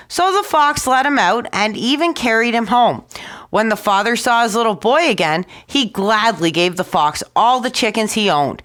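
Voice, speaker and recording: Expressive woman reading a fairy tale. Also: on the high side, normal speed. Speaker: storyteller.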